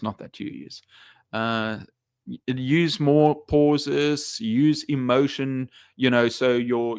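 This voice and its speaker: A man's voice: medium pitch, dry recording. Male English teacher, live-stream host, rambling casual delivery with lots of fillers, dry close sound. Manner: rambling, many fillers and restarts, reads viewer comments aloud.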